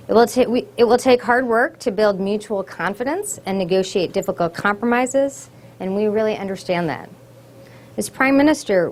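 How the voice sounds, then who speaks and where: A woman's voice: mid-range voice, a little mellow, a little hiss or hum. A woman hosting a think-tank event, giving earnest, formal welcoming remarks from prepared words. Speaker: event host.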